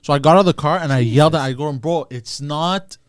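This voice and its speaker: A man on a comedy podcast telling a story in a halting way, with restarts. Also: on the high side, no echo, studio quality. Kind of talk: casual comedy podcast chat.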